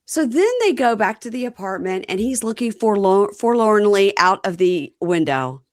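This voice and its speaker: A woman's voice: mid-range voice, moderate pace, no echo, clean studio sound. A woman hosting a casual podcast chat, recapping a reality show and acting out the cast's lines. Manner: animated, lots of acted quotes. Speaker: podcast host.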